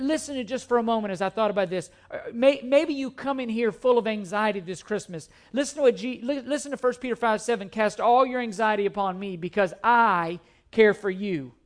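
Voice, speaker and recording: Man, very high voice, pastor, emphatic sermon, repeats key phrases. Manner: repetitive, emphatic preaching with scripture quotes.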